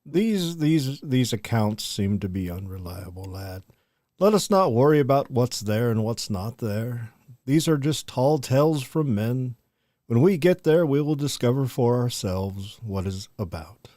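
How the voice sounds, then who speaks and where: A man acting out a swaggering, pompous adventurer who speaks in grand, formal phrases. His voice is mid-pitched and close. There is no room echo. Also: animated, measured pace, dark tone, close to an everyday voice. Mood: dismissive. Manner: theatrical, grandiose speech.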